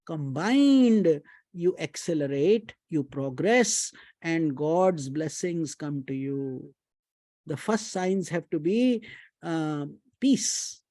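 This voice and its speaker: Man, spiritual teacher, devotional storytelling, chants mantras, mellow warm tone, dry close sound. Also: fairly high pitch, animated, no room sound. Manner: unhurried, chants mantras, mixes in Hindi phrases.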